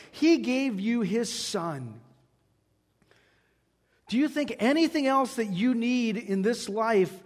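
High-voiced preacher in a reverberant hall. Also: male voice. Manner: animated storyteller acting out dialogue. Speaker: pastor. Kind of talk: sermon with storytelling.

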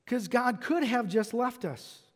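Emphatic high-voiced male preacher in a hall. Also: animated, unhurried. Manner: emphatic preaching, repeated rhetorical questions. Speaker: pastor. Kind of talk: sermon. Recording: long reverb of a large hall.

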